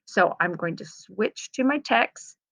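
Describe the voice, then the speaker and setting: A woman teacher gently talking young students through editing her writing, reading aloud patiently. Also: mid-range voice, lively intonation, unhurried, gravelly, dry recording. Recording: slightly dull lo-fi sound.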